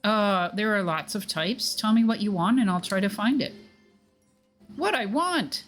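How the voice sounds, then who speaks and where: A woman's voice: medium pitch, a little fast, faint music behind. A woman streamer chatting casually while playing a game, with hesitant asides. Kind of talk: casual gameplay chat.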